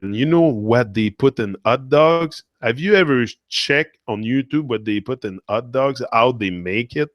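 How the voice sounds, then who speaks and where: A man's voice: medium pitch, expressive, moderate pace, hardly any pauses, dry recording. Earnest man in a dry monologue. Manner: earnest, repetitive, emotional. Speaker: motivational speaker. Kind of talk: impassioned monologue.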